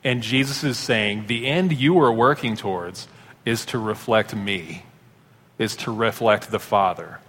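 A pastor preaching a sermon, telling stories in a conversational way. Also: male voice, fairly low pitch, measured pace, fairly bright tone, slightly rough. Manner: conversational storytelling. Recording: long hall reverb.

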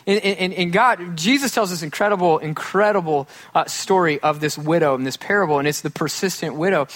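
Man, pastor, conversational sermon, jokey, slightly high-pitched, acts out quotes. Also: quick pace, a bit bright. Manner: casual, joking, acts out quotes.

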